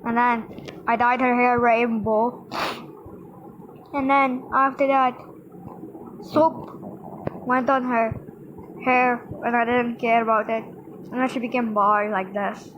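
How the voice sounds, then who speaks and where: A woman's voice: fairly high pitch, flat delivery, measured pace, pauses often. A young girl narrating her phone game play as a casual vlogger, playful and storytelling, acting out the characters with sound effects. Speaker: gaming vlogger. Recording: dull lo-fi sound with faint background noise.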